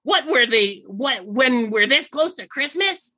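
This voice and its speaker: A man's voice: extremely high pitch, lively intonation, pushed and bright, pitched above the performer's own voice, heavily acted. A man voicing a fussy, indignant male elf general, firing off exasperated questions in a raised voice. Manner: exasperated, squawking rapid questions.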